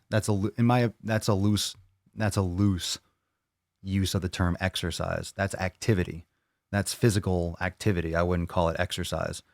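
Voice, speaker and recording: Male fitness host, very deep voice, dry close sound, blunt, profane, opinionated, live Q&A. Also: dry recording. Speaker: fitness channel host answering viewer questions.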